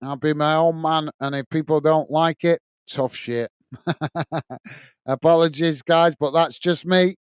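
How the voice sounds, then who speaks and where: A middle-aged man from the north of England hosts a football watch-along, calling the match and reading viewer messages in a blunt, chatty style; he laughs easily and says "mate" a lot. His voice is on the high side, fairly even in intonation, a little slow and smooth, with no echo.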